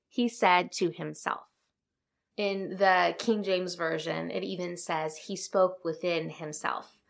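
A woman hosts a reflective devotional podcast, talking in a gentle, earnest way. Her voice has a gravelly edge and sits at an ordinary middle pitch. She reads scripture passages aloud in a calm, steady tone.

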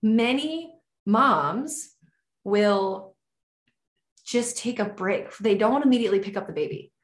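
An enthusiastic, effusive woman shares what she knows about birth in a loose, casual podcast chat. Her voice sits at an ordinary middle pitch. It rings with the echo of the room. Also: animated, takes it slowly. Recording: echoey room.

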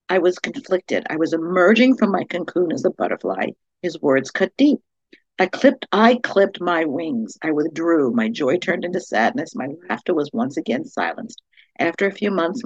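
A woman's voice: low voice, slightly rough, no echo, dull audio. A middle-aged woman hosting a devotional podcast, telling a personal story and offering faith encouragement. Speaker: podcast host. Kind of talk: devotional monologue.

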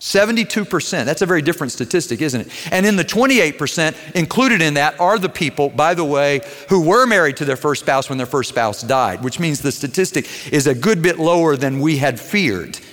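A man preaching a sermon as a pastor, earnest, moving between quiet tenderness and raised intensity. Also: a little high, lively intonation, brisk, few pauses. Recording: long hall reverb.

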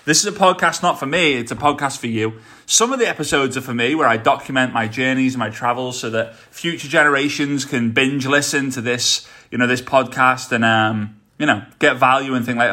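A man with a Scouse accent from Liverpool, hosting his own podcast and speaking straight to his listeners in an energetic, motivational way. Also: medium pitch, brisk. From England. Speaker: podcast host. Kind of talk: solo podcast talk.

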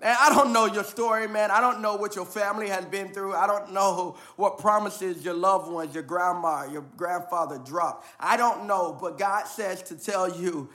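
A male pastor preaches with a high, bright voice that stays lively and playful. He slips casual slang into the sermon, and his energy rises and falls with the message. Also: normal speed, few pauses.

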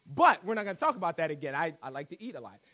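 A man preaching a sermon, animated and conversational, acting out quotes and cracking jokes. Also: fairly high pitch, rapid-fire. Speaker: pastor.

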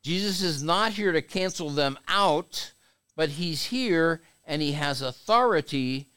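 Male bishop, sermon delivery, unhurried with lively call-and-response. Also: fairly high pitch, smooth. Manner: slow, animated preaching with call-and-response. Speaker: bishop preaching.

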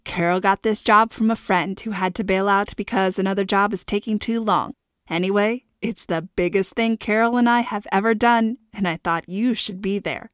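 A woman narrating a storybook voices a cheerful middle-aged mother who teases and gently probes her daughter. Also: mid-range voice, fairly even intonation, moderate pace, clear, resonant tone, dry recording, studio quality, lightly acted. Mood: teasing.

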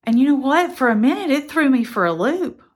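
A woman's voice: high-pitched, sing-song, fairly quick. A middle-aged woman, earnestly telling a personal story in a reflective, conversational way. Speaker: motivational speaker.

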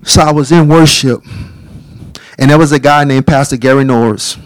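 A middle-aged man preaching a testimony, telling his story in an animated way and acting out the dialogue. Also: mid-range voice, moderate pace, no echo. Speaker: speaker giving a testimony.

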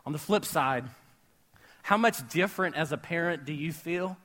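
A man preaching a sermon to a live church audience, conversational and joking, quizzing the crowd, and rising to shouts on key words. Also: fairly high pitch, moderate pace. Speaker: pastor.

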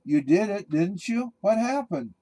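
Guy doing a cocky bulldog, teasing and brash, kinda high and loud, mellow tone. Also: animated, a little slow, dry recording, poor audio. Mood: eager. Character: cocky taunting male bulldog.

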